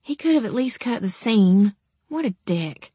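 A woman voicing a feisty, foul-mouthed young zombie woman in an audiobook, her character voice pitched above her own. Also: animated, a little slow, dark tone, slightly rough, no room sound. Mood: indignant. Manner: foul-mouthed, hot-tempered.

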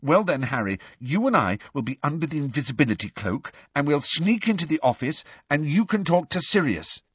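A man voicing a clever, anxious teenage schoolgirl who organises everyone, in a husky voice. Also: on the high side, big pitch swings, fairly quick, no echo, muffled recording, voice pushed up. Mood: earnest.

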